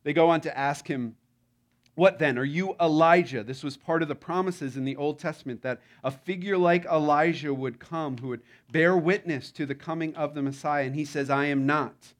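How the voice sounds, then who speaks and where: A man's voice: a little high, normal speed. A man preaching a sermon in a conversational, playful way, often acting out the lines he quotes. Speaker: pastor.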